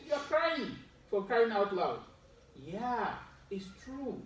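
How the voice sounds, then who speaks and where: A man's voice: sits high, darkish tone. A man giving a Friday sermon, teaching with medical detail, putting questions to his listeners and adding wry asides. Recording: roomy echo, distant mic, faint ambience.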